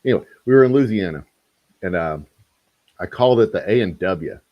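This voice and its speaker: A man's voice: low voice, animated, a little fast, dry recording, muffled recording. A man, hosting a casual distillery livestream and chatting to viewers with rambling, joking asides. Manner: rambling, talks to chat, self-deprecating jokes.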